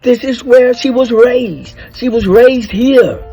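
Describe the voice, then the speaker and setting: A man's voice: very high voice, slow, dark tone, slightly rough, dull audio, soft background music. An older man, talking bluntly and preachily about marriage, swearing freely and stressing his points. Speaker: speaker giving advice to men. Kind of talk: casual monologue.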